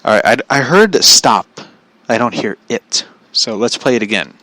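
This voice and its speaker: A man hosting a podcast in a casual chat, rambling and halting, with many "like" fillers and chuckles. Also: mid-range voice, lively intonation, noisy background. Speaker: podcast host.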